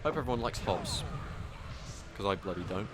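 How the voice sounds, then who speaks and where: Against a noisy background, a man on the low side talks at a moderate pace in an animated way. He's speedrunning a game and joking casually, teasing fellow players and cursing now and then, with frequent fillers and a mocking edge.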